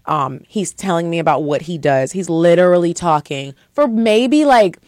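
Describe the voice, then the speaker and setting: A woman's voice: lowish voice, animated, moderate pace, a little mellow, no room sound, studio quality. A young woman co-hosting a podcast, telling a dating story in casual chat, acting out quotes with big jumps in her voice and swearing freely. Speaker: podcast co-host.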